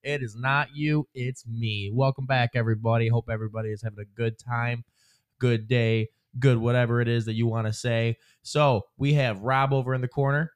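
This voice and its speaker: A man's voice: mid-range voice, steady tone, normal speed, smooth. A man hosting a podcast, joking and blunt in casual sports chat. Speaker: podcast host.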